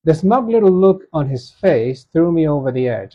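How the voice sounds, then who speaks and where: A man's voice: fairly high pitch, very animated, normal speed, few pauses, mellow. A man in his thirties reading submitted stories aloud and reacting with laughing asides. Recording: dull lo-fi sound.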